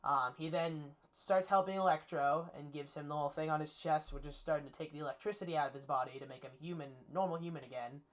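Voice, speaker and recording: A man's voice: on the high side, steady tone, fast talker, hardly any pauses, fairly bright tone. A man giving a casual spoiler recap of a movie's plot, eager and rambling, with lots of fillers. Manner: enthusiastic, rambling, with many fillers. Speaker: movie reviewer.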